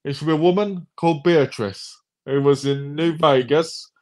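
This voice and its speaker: A man chatting casually on a livestream, joking and retelling comedy scenes in a rambling, animated way. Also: a little high, moderate pace.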